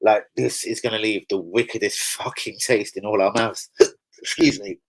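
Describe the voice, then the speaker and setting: Swearing lad on a live stream. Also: male voice, lowish voice, fairly even intonation, moderate pace, slight background noise, rough recording. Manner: swearing, chatty, laughs often, answers chat. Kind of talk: casual live stream chat.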